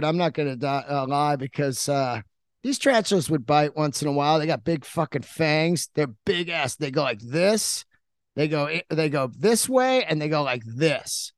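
Middle-aged man, casual storytelling monologue, profane and rambling, slightly high voice, dry close sound. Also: dry recording.

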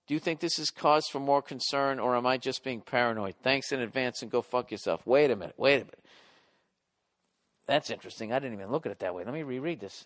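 A man's voice: mid-range voice, quick pace, a bit bright. Middle-aged guy reading letters on his podcast, swearing, blunt, keeps restarting sentences. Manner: profane, blunt, rambling with restarts. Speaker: podcast host. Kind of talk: reading and answering listener letters.

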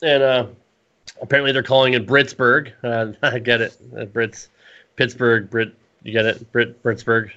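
Man, podcast co-host, casual wrestling chat, profane, rambling, laughing, bright voice. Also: medium pitch, level tone, moderate pace, lo-fi sound.

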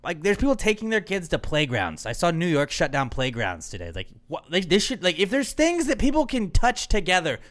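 A man's voice: high-pitched, huge pitch swings, brisk, hardly any pauses, a bit bright. A young man hosting a podcast in casual, rambling chat, swearing freely and saying "like" constantly. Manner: rambling, profane, lots of "like". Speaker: podcast host. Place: apartment home studio.

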